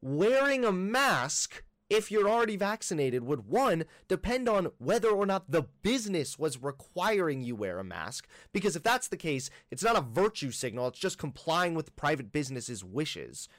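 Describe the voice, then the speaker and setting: A man's voice: a little high, very animated, normal speed, few pauses, no room sound, studio quality. A man giving reaction commentary, sarcastically rebutting a critic point by point. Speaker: commentary YouTuber.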